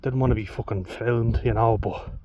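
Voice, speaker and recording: A man's voice: mid-range voice, fairly even intonation, moderate pace, no room sound. A young Irish man telling a story in a casual, blunt way, swearing freely and laughing between lines. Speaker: vlogger. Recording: dull lo-fi with faint hiss.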